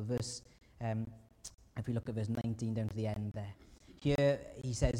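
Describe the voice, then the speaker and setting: A man preaching to his congregation, earnest and plain-spoken. His voice is mellow and relaxed, carried on a long hall reverb. He voices anguished prayers with a sudden lift in pitch. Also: moderate pace. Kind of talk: sermon. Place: church hall.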